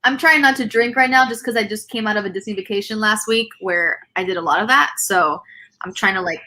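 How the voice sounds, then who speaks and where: A woman with a bright, forceful voice hosts a relaxed live chat over a video call. She rambles through restarts and breaks into laughs between thoughts. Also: medium pitch, brisk, a little hiss or hum. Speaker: host; teacher.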